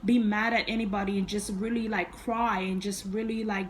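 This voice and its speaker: A woman's voice: mid-range voice, little pitch movement, normal speed, slight background noise, rough recording. A young woman from Africa with an African accent tinged with American speech, telling her life story in a rambling, earnest way full of restarts. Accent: African, with American traces. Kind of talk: casual personal storytelling. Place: indoor room at home.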